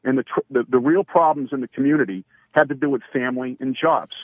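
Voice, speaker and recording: Calling a radio talk show by phone, a man from Massachusetts talks fast and heatedly in a steady-toned, mid-range voice, often stumbling and restarting. The line sounds tinny and dry, without echo.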